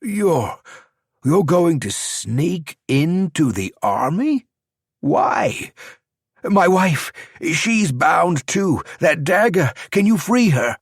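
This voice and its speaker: A man's voice: mid-range voice, animated, takes it slowly, no room sound, studio quality, pitched above the performer's own voice. A man voicing a frightened young male soldier who stammers and pleads. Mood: nervous, desperate.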